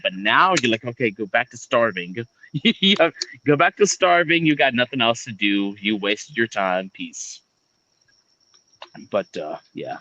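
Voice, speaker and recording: A man chatting casually on a live stream, telling a profane story with animated energy. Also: mid-range voice, a little hiss or hum, poor audio. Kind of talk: casual chat.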